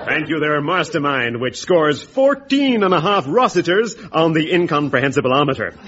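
A man playing an announcer in a comic radio sketch, speaking in a smooth, mock-formal way. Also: fairly high pitch, very animated, normal speed, crowd noise. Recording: dull old radio recording over loud music.

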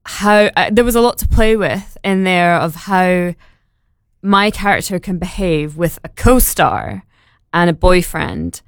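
A woman's voice: on the low side, a little slow, clear, resonant tone, no echo, studio quality. Young woman, bubbly and giggly. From Edinburgh. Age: 20s. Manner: bubbly, laughs often, fillers. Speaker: actor, guest. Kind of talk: casual interview.

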